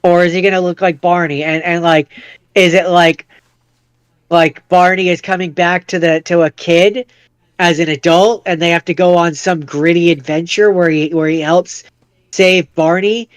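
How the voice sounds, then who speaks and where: A man's voice: high voice, fairly even intonation, moderate pace, clean tone, no room sound. A man co-hosting a podcast, speculating aloud and repeating words as he thinks. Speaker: podcast co-host. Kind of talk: casual chat.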